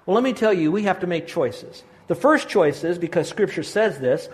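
A middle-aged man preaching a sermon as pastor, earnest and gently encouraging. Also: sits high, expressive, normal speed.

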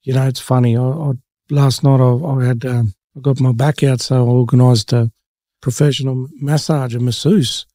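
Gravelly Australian man hosting. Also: mid-range voice, normal speed, no echo, studio quality. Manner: animated storyteller, laughs often. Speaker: host. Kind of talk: casual conversational interview.

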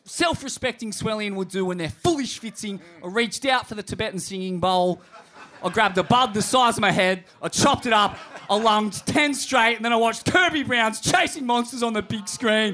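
A man with an Australian accent co-hosting a live comedy podcast, a foul-mouthed storyteller who rambles and often shouts. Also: high voice, noisy background. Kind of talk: crude comedic surfer banter. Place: in front of a live crowd.

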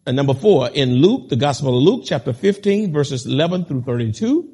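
A man preaching a sermon, reading scripture slowly with heavy stress and building to emphatic, impassioned peaks while calling on the congregation directly. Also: mid-range voice, expressive, warm tone, slightly rough.

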